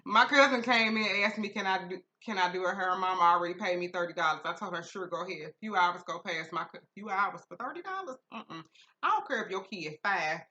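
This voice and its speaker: A woman podcast host reading a listener's story aloud in a casual, profane way, breaking into loud laughter and shrieking asides. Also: fairly low pitch, lively intonation, brisk, dull audio.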